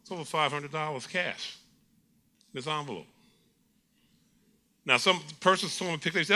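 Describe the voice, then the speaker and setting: A man's voice: fairly high pitch, moderate pace, long pauses. A middle-aged man preaching a sermon, telling stories with acted-out quotes and frequent laughter. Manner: animated storytelling preacher, acts out quotes, laughs often. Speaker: pastor.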